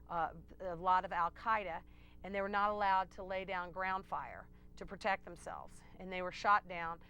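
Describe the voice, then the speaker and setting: A woman's voice: fairly low pitch, sharp tone, smooth. A woman hosting a call-in talk show, speaking casually with many fillers and restarts.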